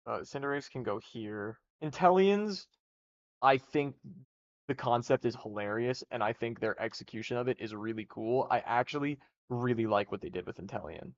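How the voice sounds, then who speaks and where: A man's voice: mid-range voice, moderate pace. A young man streaming live, talking casually and rambling through rankings with restarts and swearing. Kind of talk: casual livestream commentary. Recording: dull lo-fi stream audio.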